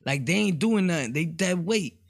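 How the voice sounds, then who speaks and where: A man's voice: a little high, animated, normal speed, dry recording, studio quality. A man hosting a solo podcast, rambling casually with street slang and laughing asides. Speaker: podcast host.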